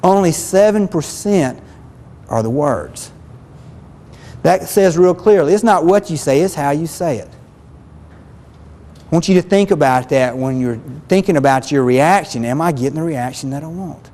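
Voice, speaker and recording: A man's voice: fairly high pitch, expressive, moderate pace, long pauses, darkish tone. Man teaching, in a long-echo hall. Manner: earnest, plain-spoken, repeats phrases. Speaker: relationship counselor. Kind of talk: spoken self-help lesson.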